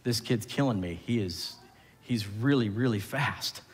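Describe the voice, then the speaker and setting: A pastor putting on a worn-out, breathless dad muttering low. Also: male voice, measured pace, husky. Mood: weary. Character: tired middle-aged father, out of breath, overwhelmed by fast son. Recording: church hall reverb.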